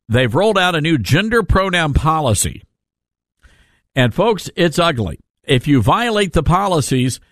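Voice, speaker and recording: A man hosting a talk radio show, giving casual opinion commentary in an animated, sarcastic way with rambling asides. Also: on the high side, no room sound, studio quality.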